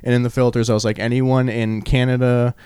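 A man's voice: medium pitch, level tone, a little fast, a little mellow, clean tone, no room sound, studio quality. A man in his thirties, co-hosting a casual podcast in a laid-back, joking way, laughing often and swearing. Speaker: podcast co-host. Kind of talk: casual chat.

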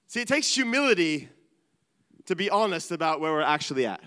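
A middle-aged man preaching a sermon, earnest and animated, dropping to quiet asides. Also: fairly high pitch, brisk, clean tone. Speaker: pastor. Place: large church hall. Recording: reverberant church hall.

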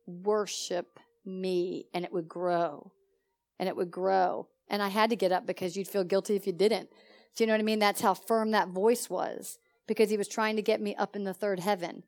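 A woman pastor preaching a sermon at a church service. She talks in an animated, conversational way and keeps asking her listeners questions. Her voice sits at an ordinary middle pitch for a woman. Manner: animated and conversational, often asks the audience questions. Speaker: pastor teaching a congregation.

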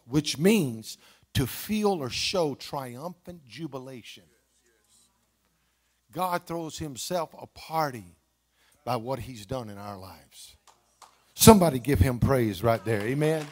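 A male pastor preaching an animated sermon in a church, calling out to the congregation. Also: medium pitch, slow pace, some chatter behind. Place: church auditorium.

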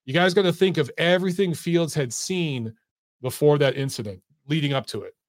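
A man hosting a casual solo boxing talk stream, blunt and animated, swearing freely while he breaks down fights and reads viewer questions. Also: fairly high pitch, moderate pace, no echo, studio quality. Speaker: boxing commentator and channel host. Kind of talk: casual solo commentary livestream.

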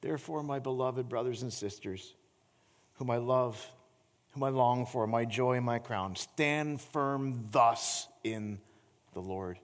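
Middle-aged pastor preaching in a reverberant church. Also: male voice. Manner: animated storytelling, voice climbing high in anecdotes; slows and softens into earnest appeal. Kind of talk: sermon. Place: church sanctuary.

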